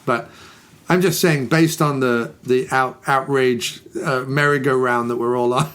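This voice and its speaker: A man's voice: mid-range voice, steady tone, measured pace, a bit bright, clear, resonant tone. A man hosting a podcast, talking in a casual, ranty way and repeating phrases for emphasis. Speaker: podcast host. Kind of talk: casual chat.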